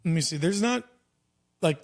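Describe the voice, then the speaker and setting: Laid-back, slightly high-voiced young man. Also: lively intonation, normal speed. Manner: laid-back, profane, heavy on "dude" and "like". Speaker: podcast host and comedy show booker. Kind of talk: casual chat.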